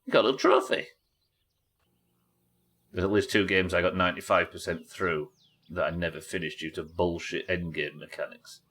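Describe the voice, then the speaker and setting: A man's voice: low-pitched, fairly bright tone. A man streaming a game live, chatting casually with his viewers and co-players, swearing now and then as he answers their questions. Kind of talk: live gaming stream chat.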